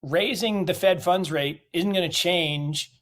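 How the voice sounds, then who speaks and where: A man's voice: sits high, a little slow, a bit bright. A middle-aged man from the United States answering interview questions in a blunt, emphatic way, often asking rhetorical questions. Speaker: investment guest.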